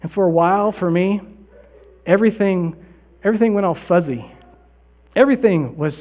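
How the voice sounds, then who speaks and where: Man, high voice, pastor, dramatic storytelling sermon, hushed pauses then loud swells, muffled lo-fi sound. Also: animated. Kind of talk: first-person dramatic monologue in a sermon.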